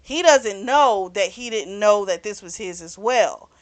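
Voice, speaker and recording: A woman's voice: medium pitch, lively intonation, measured pace, dry recording. Chatty woman recapping a book. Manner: chatty, retelling scenes with lots of "you know" and "he's like". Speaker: book club host reviewing a novel. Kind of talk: casual spoken book recap.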